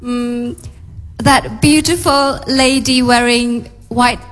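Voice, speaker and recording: A woman acting as an English tutor, gently explaining what sounds natural, speaking in a reverberant hall with music behind. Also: on the high side, steady tone, slow. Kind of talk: explaining English usage to an audience.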